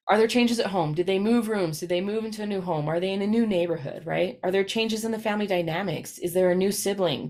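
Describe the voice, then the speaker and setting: A woman presenting a lesson to practitioners in a chatty, storytelling way, often checking in with "right?". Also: medium pitch. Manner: chatty, storytelling, frequent "right?" tag questions. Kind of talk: recorded professional presentation.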